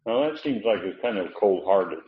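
A man's voice: fairly low pitch, lively intonation, moderate pace, narrow, tinny audio, slight background noise. A man teaching through a Bible passage, reading verses aloud and explaining word meanings, with frequent fillers. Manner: reads scripture then explains words, with frequent fillers.

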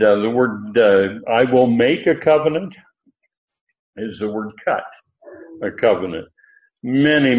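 A man gives a slow, unhurried Bible lesson, stopping often and restarting his sentences. His voice sits a little low. The sound is thin and phone-like, and it echoes around the room. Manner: halting, many fillers and restarts, stresses emphatic words. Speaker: Bible teacher. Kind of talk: verse-by-verse Bible teaching.

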